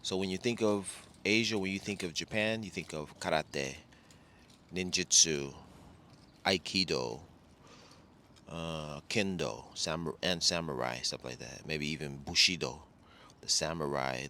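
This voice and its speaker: Very low-voiced rambling man. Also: a little slow, sharp tone, slight background noise. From Los Angeles. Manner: rambling, self-correcting, chatty. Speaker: travel vlogger. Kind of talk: casual rambling monologue.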